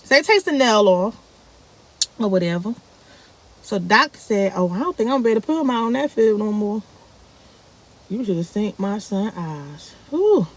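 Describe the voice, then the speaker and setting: Animated woman telling a family story. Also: moderate pace, pauses often. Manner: animated, acts out quoted speech with big pitch jumps. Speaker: vlogger. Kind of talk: casual storytelling to viewers.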